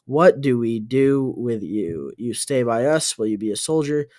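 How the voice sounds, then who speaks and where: A short, fat, older military officer, fatherly and tired, speaking in quiet, clear, halting phrases. His voice sits in an ordinary middle range, put on by a man reading a storybook aloud. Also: medium pitch, lively intonation, lightly acted. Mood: jovial.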